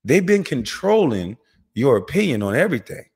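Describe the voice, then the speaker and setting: A man's voice: very animated, darkish tone, slightly rough. Heated man ranting in a reverberant room. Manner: heated, profane, rapid swings in pitch and volume. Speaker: channel host. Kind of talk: angry commentary rant.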